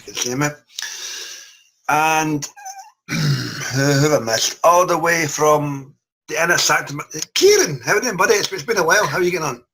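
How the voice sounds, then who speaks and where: A man hosts a loose, casual podcast chat and introduces his guests with teasing jokes. His voice is bright and forward, and he rambles along with plenty of ums and restarts. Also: on the high side, lively intonation, moderate pace, long pauses, a little hiss or hum, rough recording. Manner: jokey, rambling with fillers. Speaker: podcast host.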